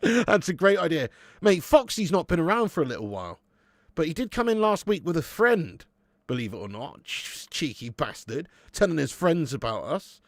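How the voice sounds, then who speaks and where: A man's voice: a little high, sing-song, normal speed, no room sound, clean studio sound. A man in his late thirties hosting a live football watch-along, chatting loosely with viewers, swearing, and calling them "mate" and "lad". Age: 30s. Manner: laid-back banter, swears, calls viewers "mate" and "lad".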